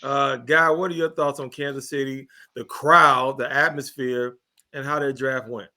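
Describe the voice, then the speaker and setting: A man's voice: medium pitch, steady tone, normal speed, sharp tone. A man with a Missouri accent hosting a casual sports talk show, joking and teasing his co-hosts.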